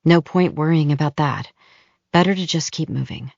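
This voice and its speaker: A woman reading a thriller audiobook in scripted narration, measured and even, close to the mic, in dull lo-fi audio. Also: deep voice, creaky, no room sound.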